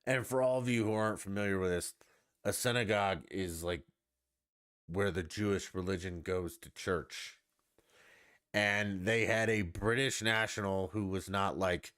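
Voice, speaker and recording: A man's voice: low-pitched, fairly even intonation, measured pace, fairly bright tone, clean tone, no echo, studio quality. A man hosting a podcast, ranting casually with profanity and sarcastic mock voices. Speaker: podcast host.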